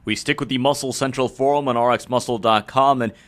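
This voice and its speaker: A man reads out viewer questions at a careful, measured pace on a live show. Between questions he drops in easygoing asides. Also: medium pitch, fairly even intonation, a bit bright. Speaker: co-host reading viewer questions.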